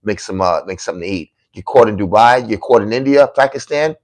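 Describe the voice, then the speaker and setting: A man's voice: on the low side, animated, quick pace. A male political commentator on a livestream, reading viewer comments aloud and answering them in a combative, scolding way, hammering his points in repeated lists. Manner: combative, scolding, calls critics dummies; repetitive emphatic lists.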